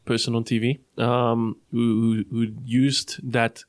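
Flat-toned man in a Bible chat. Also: medium pitch, dry recording, studio quality. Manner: measured and hesitant. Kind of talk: casual discussion of scripture.

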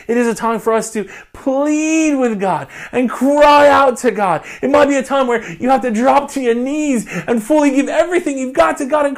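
A man, a pastor preaching a passionate sermon that swings from quiet reflection to loud appeals. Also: very high-pitched. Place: church recording during lockdown.

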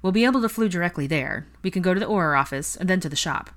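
Rich: A young man with a wry, teasing streak, as voiced by a woman reading a fan fiction audiobook, good-humoured and low-pitched. He ribs a former rival gently, never unkindly, in an easy everyday tone. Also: expressive, racing, natural voice.

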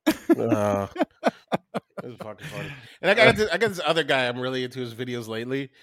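A man co-hosting a podcast in casual chat, excitable and swearing constantly. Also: mid-range voice, fairly quick, no room sound, studio quality. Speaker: podcast co-host.

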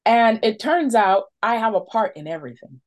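A woman's voice: a little high, animated, moderate pace, a little mellow. Candid woman sharing her recovery story. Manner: candid, self-mocking, laughs often. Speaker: speaker at a recovery meeting. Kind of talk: personal testimony.

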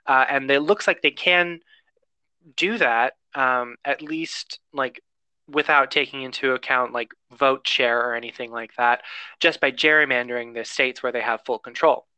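A man's voice: mid-range voice, sharp tone, clear, resonant tone, no room sound. A man co-hosting a casual chat, explaining the news with fillers and wry asides.

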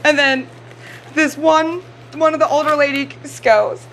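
High bright giggly woman co-host. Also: fairly even intonation, a little slow, low-quality recording. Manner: giggly, retells scenes with acted lines. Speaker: podcast co-host. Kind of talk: casual chat about a movie.

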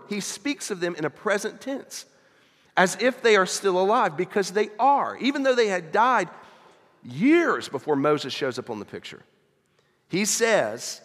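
A man's voice: high voice, very animated, measured pace, a bit bright. A man preaching a sermon to his congregation, conversational, with many rhetorical questions. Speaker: pastor. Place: church sanctuary. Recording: long reverb of a church hall.

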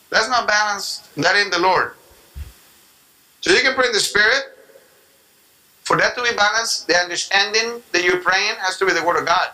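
A pastor with a high voice preaches a sermon at a moderate pace, pausing often. He teaches animatedly, acting out prayers in different voices, speaking in tongues, and mimicking people. The recording is low quality.

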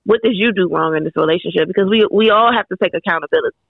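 A woman with a gravelly, creaky voice talks frankly and candidly as a podcast guest, dropping the odd curse. Her voice comes through a thin, phone-like line with a dry, close sound. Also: on the low side, rapid-fire, no echo. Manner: candid, frank, swears casually. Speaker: guest author. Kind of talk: casual podcast chat.

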